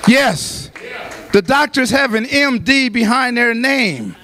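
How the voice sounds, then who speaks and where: Pastor guy, late 50s, fairly high voice, preaching in a church with repeated lines, gets shouty. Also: lively intonation, measured pace, some chatter behind, a little hiss or hum. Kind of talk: sermon. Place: church sanctuary.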